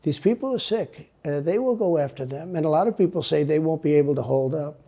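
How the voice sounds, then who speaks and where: A man's voice: on the high side, brisk, creaky, warm tone. A man answering interview questions in a rambling, repetitive and emphatic way. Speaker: interview guest.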